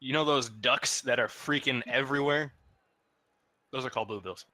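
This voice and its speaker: A man's voice: medium pitch, normal speed, pushed and bright, dry recording. A man co-casting a live-streamed tournament, with teasing, matter-of-fact remarks. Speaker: esports tournament co-caster. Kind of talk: casual live-stream commentary.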